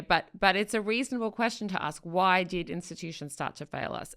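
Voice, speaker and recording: A woman co-host in casual podcast chat, with a somewhat low voice. She talks in a wry, sardonic way, summing up ideas and then poking holes in them. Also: fairly bright tone.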